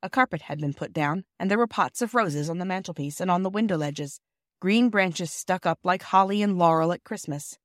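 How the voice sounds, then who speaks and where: A woman's voice: lowish voice, moderate pace, dry recording, studio quality. Woman narrating a classic children's story. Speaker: audiobook reader. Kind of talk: scripted narration.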